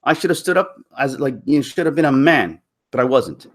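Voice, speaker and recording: A man's voice: mid-range voice, animated, brisk. A man on a live stream, telling a personal story to his viewers in a candid, rambling way with frequent restarts. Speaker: YouTube commentator.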